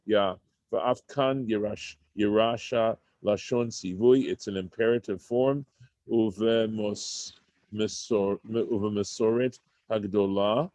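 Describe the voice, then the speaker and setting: Man, low-pitched teacher reading and explaining Hebrew text, halting delivery, dry close-mic sound. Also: steady tone, darkish tone, no echo. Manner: halting, thinking aloud, many restarts; reads Hebrew text, then translates into English. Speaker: Torah study teacher. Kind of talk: unscripted Torah study class.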